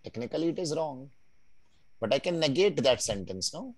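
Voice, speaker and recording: A man teaching a beginners' German class. He explains patiently, drills words slowly and keeps checking in with his students. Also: on the high side, sing-song, darkish tone, low-quality recording. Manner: patient, checks in often with "right?" and "no?"; drills pronunciation slowly, word by word. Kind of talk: live online language class.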